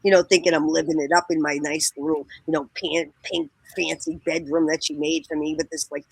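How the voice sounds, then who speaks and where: A woman's voice: deep voice, little pitch movement, fairly quick, gravelly, slightly rough, dry recording. A woman guest telling a rambling, profane story in casual chat, laughing often and acting out the people she quotes. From Boston area. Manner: laughs often, swears, acts out quoted voices.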